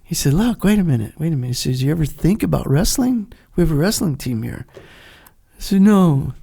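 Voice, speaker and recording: Gravelly older man telling a war-veteran story. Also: a little high, normal speed. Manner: animated storyteller, acts out dialogue, laughs often. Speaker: guest, retired Navy SEAL. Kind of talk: storytelling in a podcast interview.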